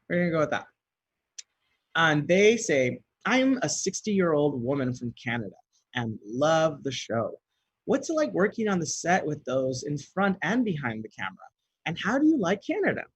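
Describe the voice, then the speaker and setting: A giggly, talkative man runs through fan questions at an easy pace and laughs often. His voice has a soft, breathy edge. It is recorded close up in a dry room with no echo. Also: a little high, very animated, normal speed. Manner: chatty, giggly, reads questions aloud then rambles. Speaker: actor answering fan questions. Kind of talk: casual question and answer video.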